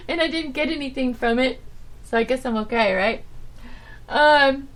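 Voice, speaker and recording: A woman hosting her own internet radio show, talking in a halting, rambling, subdued way with nervous little laughs. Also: sits high. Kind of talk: casual rambling monologue.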